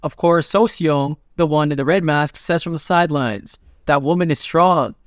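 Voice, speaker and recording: Young guy narrating a comic recap, kinda high voice, cracks jokes, reads the lines plain, dry mic. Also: normal speed, dry recording. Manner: reads the dialogue lines in his own plain voice, with joking asides.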